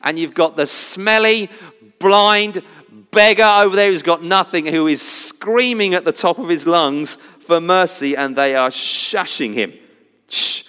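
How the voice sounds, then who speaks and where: A man preaching a sermon, swinging from loud cries to hushed, intense moments. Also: high voice, unhurried, smooth, big-room sound.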